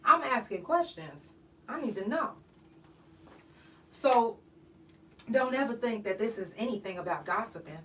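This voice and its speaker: A woman's voice: fairly high pitch, animated, moderate pace, long pauses, slight background noise. A woman hosting a podcast, ranting bluntly and profanely in an emphatic, outspoken monologue. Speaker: podcast host. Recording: voice a bit far from the mic.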